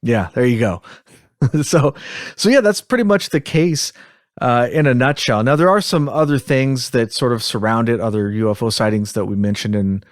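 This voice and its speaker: A man's voice: medium pitch, normal speed, no echo. A man hosting a podcast in casual chat, rambling and chuckling, a little self-deprecating, on a close mic. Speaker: podcast host.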